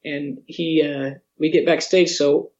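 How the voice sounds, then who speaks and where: Man, highish voice, chatty guest who acts out quotes; slightly muffled audio. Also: slow. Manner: animated storyteller, acts out quotes, laughs often. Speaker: interview guest, museum educator. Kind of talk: casual storytelling interview.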